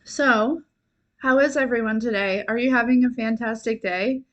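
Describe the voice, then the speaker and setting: A young woman hosting a live stream, chatting warmly and rambling, giggling and at times tearful with gratitude. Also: on the high side, moderate pace, lo-fi sound. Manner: chatty, rambling with many fillers. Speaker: livestream host and intuitive reader. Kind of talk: casual livestream chat.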